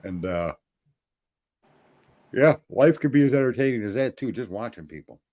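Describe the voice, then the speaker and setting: A man's voice: medium pitch, expressive, normal speed, a little mellow. A man co-hosting a casual political chat, rambling, swearing often and restarting his sentences. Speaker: podcast co-host.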